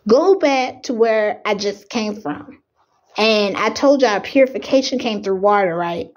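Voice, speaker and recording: A woman's voice: medium pitch, a little slow, dull audio. A young adult woman, preaching with rising fervor and fighting back tears. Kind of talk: impassioned preaching.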